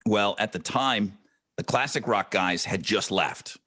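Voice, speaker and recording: A podcast co-host who also works in radio tells stories in casual chat, animated and swearing freely. His voice is lowish with a breathy edge, and he speaks in an unhurried way.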